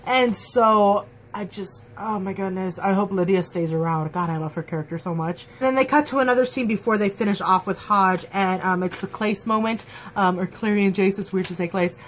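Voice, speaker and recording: A woman in a casual fan review, chatting at home in an excitable, gushing way full of fillers. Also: medium pitch, moderate pace, hardly any pauses, a little hiss or hum. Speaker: TV episode reviewer. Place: at home, dog nearby.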